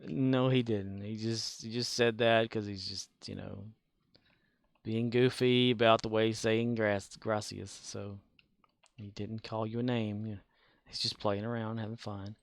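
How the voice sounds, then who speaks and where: A man's voice: fairly low pitch, level tone, a little slow, creaky, no echo, clean studio sound. A man streaming a video game and chatting casually in a rambling way, with chuckling asides. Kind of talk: casual gaming commentary.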